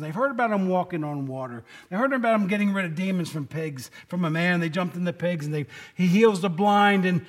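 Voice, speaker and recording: A man gives a relaxed, conversational sermon with a fairly high voice. He talks to his listeners by name, asks them questions and slips into the quoted speech as he retells the story. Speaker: preacher. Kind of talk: casual sermon.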